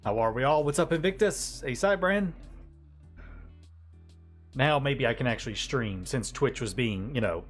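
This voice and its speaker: A man's voice: mid-range voice, animated, moderate pace, pauses often, soft background music. A man from the United States with a drawl, chatting casually with viewers on a live stream, rambling and laughing as he goes. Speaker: livestreamer.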